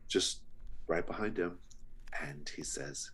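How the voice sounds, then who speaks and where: A man narrating as game master of a tabletop game in a relaxed, chatty way. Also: rumbling low, breathy edge. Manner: slow, relaxed and chatty with fillers.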